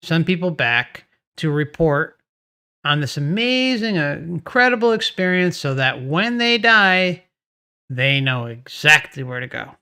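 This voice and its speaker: A man's voice: a little high, sing-song, measured pace, bright, forceful tone, clear, resonant tone. A man hosting a channel, commenting on testimonials in a musing, conversational way with sarcastic asides. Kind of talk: video commentary.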